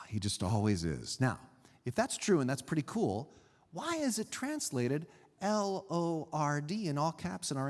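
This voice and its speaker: Animated pastor in a reverberant hall. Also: male voice, on the high side. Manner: animated, teaching with pauses and emphasis. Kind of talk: sermon. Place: church sanctuary.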